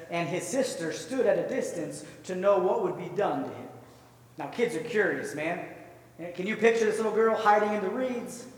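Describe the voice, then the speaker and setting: High-voiced preacher in an echoey hall. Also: male voice. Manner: vivid, conversational, rhetorical questions. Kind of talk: sermon storytelling. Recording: echoey hall, far from mic.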